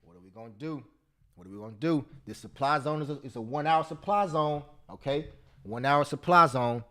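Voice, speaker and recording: Excitable high-voiced man teaching trading. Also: fairly quick. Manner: excitable, repetitive, talks straight to viewers; sings snatches of love songs. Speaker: options trading instructor. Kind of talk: live trading class.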